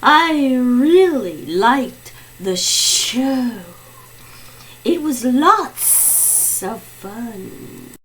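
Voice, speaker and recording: Woman reading a mystery guest, calm, brief answers, unhurried, lively pitch. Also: slight background noise, full character voice. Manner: short, plain answers.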